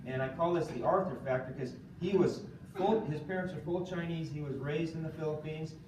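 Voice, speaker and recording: Animated man quizzing a seminar audience. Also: on the high side, brisk, slight background noise. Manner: animated, quizzes the audience, keeps asking "okay?". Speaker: seminar speaker. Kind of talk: motivational training talk. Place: room with a live audience. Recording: echoey room from far off.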